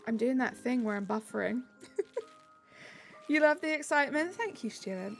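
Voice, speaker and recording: A woman live streamer chatting casually with her viewers in a relaxed way, thanking them by name. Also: high voice, unhurried, vocal fry, faint music behind.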